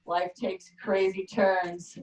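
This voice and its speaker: A woman doing a stand-up comedy set with a rambling, halting deadpan delivery, often trailing off and restarting. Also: mid-range voice, a little hiss or hum. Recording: echoey room, far from the mic.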